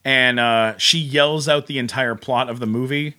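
A man, a podcast guest in casual chat, retelling something with animated, incredulous energy and quick asides. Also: medium pitch.

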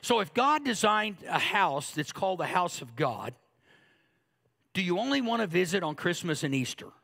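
A man's voice: high-pitched, big pitch swings, moderate pace, gravelly, a bit bright. A man in his fifties preaching a sermon, joking and acting out little asides in a conversational way. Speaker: pastor.

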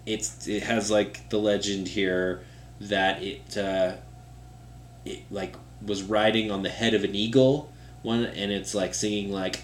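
A man with a fairly low voice talks in loose, rambling podcast chat, filling gaps with "like" as he goes. His voice sits in a roomy, echoey space. A faint hum runs underneath. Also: fairly even intonation, moderate pace. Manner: rambling, lots of "like" fillers. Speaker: podcast co-host. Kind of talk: casual chat.

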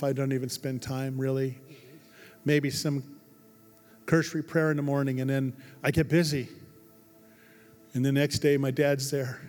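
A man preaching a sermon as pastor, emphatic, swinging from hushed to loud. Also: medium pitch. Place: large church hall. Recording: long hall reverb.

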